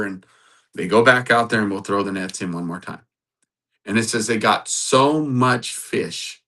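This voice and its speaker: A man's voice: lowish voice, a bit bright. A man teaching from the Bible in a sermon style, reading scripture aloud and building to emphatic, repeated phrases. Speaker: preacher.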